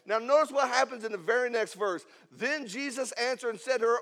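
Guy preaching a sermon, really high voice, goes loud then quiet for drama. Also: brisk, hardly any pauses. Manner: dramatic preaching with big swings from loud to hushed. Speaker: pastor.

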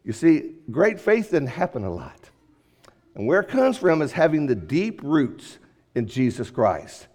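A man with a high-pitched voice delivers a Sunday sermon to his congregation. He preaches emphatically, leaning hard on key words and then letting his voice fall almost to a hush. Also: very animated, measured pace. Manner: emphatic, swings between loud and hushed. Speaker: pastor.

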